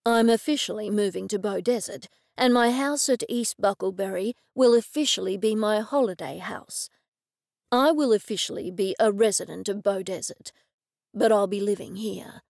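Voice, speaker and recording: A woman narrator voicing a protective male detective who speaks in a hesitant, earnest and soft way. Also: mid-range voice, moderate pace, vocal fry, no room sound, clean studio sound. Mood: explaining.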